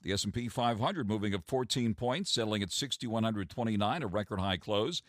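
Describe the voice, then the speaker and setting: Halting male radio talk host. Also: on the low side, fairly bright tone, no room sound, studio quality. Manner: halting, repeats words with frequent uh. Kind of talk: radio business talk and market report. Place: radio studio.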